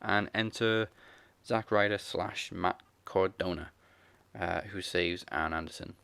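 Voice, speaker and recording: A man's voice: sits low, a little slow, gravelly, pushed and bright, smooth, no room sound. A man co-hosting a wrestling podcast, recapping events in a laid-back casual chat full of fillers. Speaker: podcast co-host.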